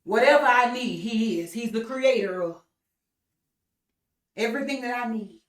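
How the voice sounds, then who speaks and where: A woman's voice: a little high, normal speed. Woman preaching in an echoey room. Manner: repetitive call-and-response preaching with stammered restarts. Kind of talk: online sermon. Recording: echoey room, voice from far off mic.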